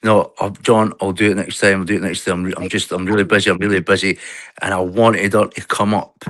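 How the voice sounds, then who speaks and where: A man chats casually as a guest. He has a cold and a bit of a cough, and his voice sits a little low. He rambles, restarts his sentences and trails off, and the sound is dry and close with no room echo. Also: little pitch movement, quick pace, fairly bright tone. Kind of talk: casual chat.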